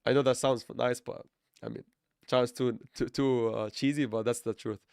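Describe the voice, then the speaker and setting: A man's voice: medium pitch, steady tone, normal speed, vocal fry, darkish tone, smooth, no echo, clean studio sound. A man livestreaming his crypto trades, rambling and correcting himself, with playful sarcasm and frequent laughs. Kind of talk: live trading stream chat.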